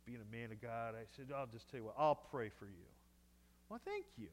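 Animated preacher in a hall. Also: male voice, medium pitch, quick pace. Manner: animated storyteller acting out dialogue. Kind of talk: sermon storytelling. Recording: echoey hall with long reverb.

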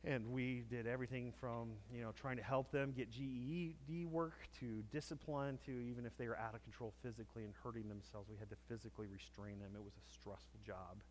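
A pastor with a mid-range voice delivers a conversational sermon to his congregation, telling stories and acting out quotes. There's a slight hiss or hum in the recording.

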